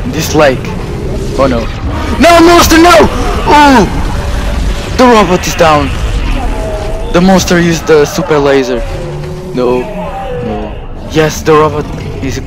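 Man, slightly high voice, unhurried in-character vlogger, jumpy and stammering, music under him. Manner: jumpy, frightened and excited exclamations, stammered repeats. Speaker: YouTuber playing a house owner in a game. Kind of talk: in-character vlog over gameplay.

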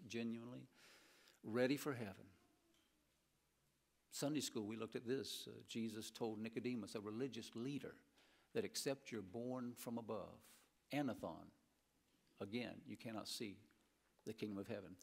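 Animated Midwestern pastor preaching. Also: male voice, mid-range voice, creaky. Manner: animated preaching with humorous stories. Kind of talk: sermon. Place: church sanctuary.

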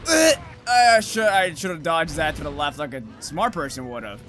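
A young man streaming a game, just woken up, swearing and yelling at the monster with sudden whoops. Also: on the high side, big pitch swings, moderate pace, faint music behind. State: just woke up, groggy. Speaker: gaming streamer. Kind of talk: live gameplay commentary.

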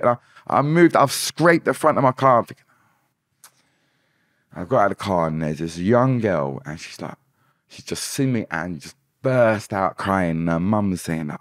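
Low-pitched and expressive at a moderate pace, the young British dancehall artist opens up as a podcast guest, frequently restarting and repeating words. The sound from the podcast studio is clean, with no echo.

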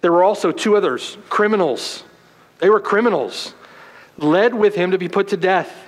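A male pastor preaching a sermon, moving from loud, forceful emphasis to hushed, quiet passages. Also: normal speed. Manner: dramatic preaching, swinging from loud emphasis to hushed low tones. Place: church sanctuary. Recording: long hall reverb.

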